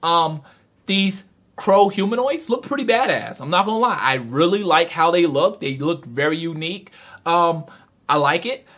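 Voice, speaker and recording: A man recapping and reviewing a manga chapter with animated, excitable storytelling. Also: fairly high pitch, moderate pace.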